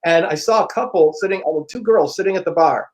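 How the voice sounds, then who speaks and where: A middle-aged man, an interview guest and personal growth teacher, telling a story in a frank, profane, animated way and acting out the dialogue. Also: fairly high pitch, brisk, rough recording. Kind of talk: casual storytelling.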